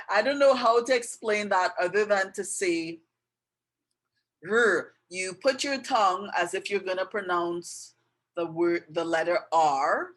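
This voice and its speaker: A woman's voice: medium pitch, measured pace, poor audio. A middle-aged woman giving a patient step-by-step art and writing lesson, often checking in with the viewer. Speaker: art and language tutor.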